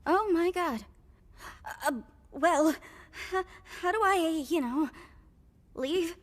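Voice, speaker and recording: A woman voicing an anxious young woman trapped in a digital circus in an animated series, halting and panicky. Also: very high voice, a little hiss or hum, exaggerated voice. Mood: scared.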